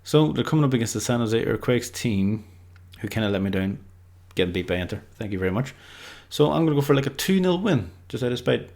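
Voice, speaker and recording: A man's voice: mid-range voice, animated, fast talker, few pauses, a little mellow. A man giving casual, unscripted football predictions, rambling loosely and leaning on lots of filler words. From Ireland.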